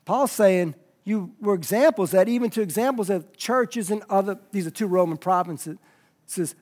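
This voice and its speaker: A man preaching a sermon as pastor, moving from soft, low asides to loud, emphatic passages. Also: normal speed.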